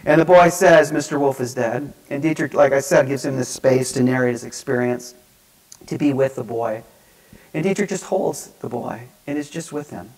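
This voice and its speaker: A man giving a lecture, telling stories in an animated, self-mocking way that swings between hushed and loud. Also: mid-range voice, moderate pace, rough recording. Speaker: speaker at a divinity school lecture. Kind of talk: storytelling lecture. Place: lecture hall.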